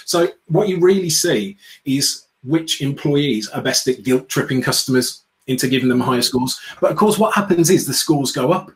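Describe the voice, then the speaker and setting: A man's voice: mid-range voice, lively intonation, normal speed, hardly any pauses, low-quality recording. An outspoken man from the UK with a British accent, a guest in an interview, talking sarcastically and acting out little quotes. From United Kingdom. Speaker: guest, customer experience speaker. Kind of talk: animated interview chat.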